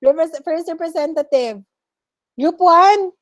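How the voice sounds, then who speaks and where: A high-voiced woman with a Filipino accent teaches over a video call. She is patient and goes through pronunciation one word at a time. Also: slow. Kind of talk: online class lesson.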